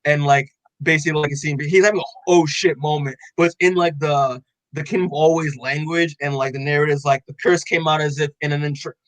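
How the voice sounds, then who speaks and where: A young man co-hosting a podcast, excitedly recapping a comic in loose casual chat, full of "like" and swearing, acting out the characters' lines. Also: a little high, brisk, no echo, poor audio. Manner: excited, loose, heavy on "like" and swearing, acts out quotes. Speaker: podcast co-host.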